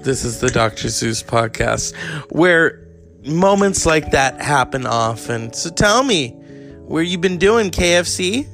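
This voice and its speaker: A man's voice: fairly high pitch, very animated, fairly bright tone. A man hosting a crude comedy podcast, teasing his guest with faint music behind. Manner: crude, teasing, fast-cutting. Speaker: podcast host.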